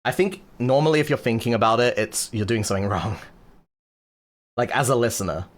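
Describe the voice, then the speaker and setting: A streamer who teaches music production talks about chords in a casual livestream chat. His mid-range voice is animated and brisk, and his explanations are jokey and crude, packed with swearing and filler words.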